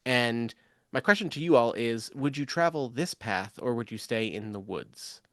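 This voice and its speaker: A man running a tabletop game as game master, talking with many ums and quick asides. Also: medium pitch, expressive, fairly bright tone, no room sound, studio quality. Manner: rambling, lots of ums and asides.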